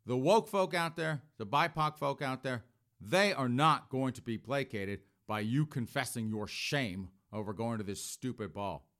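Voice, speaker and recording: A political commentator in his fifties delivers sarcastic, opinionated news commentary in a mid-range, fairly bright voice. He often addresses his audience as folks.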